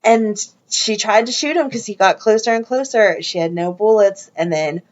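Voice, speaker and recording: A woman's voice: mid-range voice, moderate pace. A woman co-hosting a fan podcast, chatting casually as she retells the plot step by step. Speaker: podcast co-host. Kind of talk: casual recap chat. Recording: dull lo-fi podcast audio.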